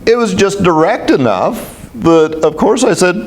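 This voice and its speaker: A man speaking as a spiritual teacher, telling stories to a group in an animated, self-mocking way. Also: high-pitched, a little slow, slight background noise. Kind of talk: storytelling talk to a group.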